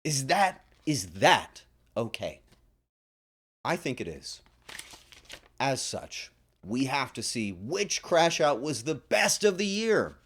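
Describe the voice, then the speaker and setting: A man ranting on his stream, exasperated and breaking into loud laughing yells. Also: medium pitch, big pitch swings, slow, long pauses, husky. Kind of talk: casual stream chat.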